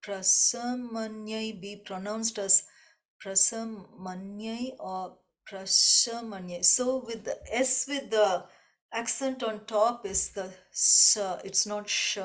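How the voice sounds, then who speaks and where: A woman teaching a devotional class, explaining slowly and reflectively and often repeating a point in new words. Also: mid-range voice. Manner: slow, reflective, gently repetitive explanation. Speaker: spiritual teacher.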